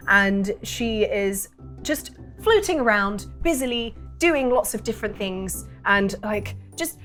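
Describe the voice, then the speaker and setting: A woman's voice: medium pitch, fairly bright tone. A woman narrating a tabletop game as game master, chatty and giggly, with many hesitant fillers.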